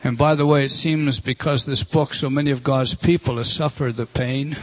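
A man preaching a sermon, emphatic and earnest, often dropping to a low, soft voice to drive a point home. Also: steady tone, normal speed.

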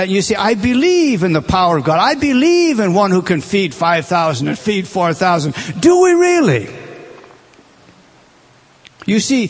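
A man preaching a sermon, emphatic, repeating words and swinging between loud stresses and quiet asides. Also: high voice.

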